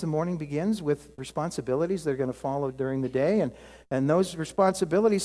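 An American preacher delivers a sermon at a mid pitch, talking with the congregation in an easy, conversational way and tossing in joking asides. The voice rings out through a large hall with a long reverb tail. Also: darkish tone.

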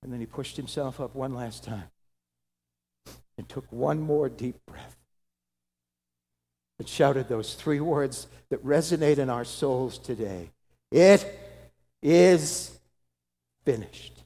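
A pastor preaching a dramatic sermon that swings from loud to hushed. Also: male voice, mid-range voice, takes it slowly, long pauses. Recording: long hall reverb.

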